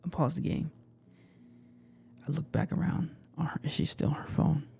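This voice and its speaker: A young man retelling a personal story in an emotional, halting way, repeating himself often. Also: a little high, fairly even intonation, vocal fry, dark tone, slight background noise. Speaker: casting participant.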